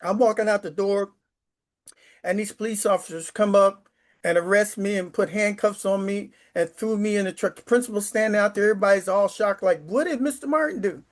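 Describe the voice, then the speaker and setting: A man's voice: sits high, flat delivery, a little fast. Emotional older man in his sixties. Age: 60s. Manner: rambling, emotional, with stammers and restarts. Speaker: retired sixth grade teacher. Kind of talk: casual storytelling to camera. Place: his apartment.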